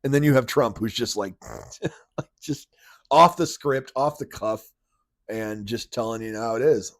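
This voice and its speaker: A man ranting on his podcast in a plain, mid-pitched voice, sounding incredulous. The recording is dry and close, with no room sound around him. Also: measured pace, a bit bright, no echo. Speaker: podcast host. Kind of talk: casual commentary.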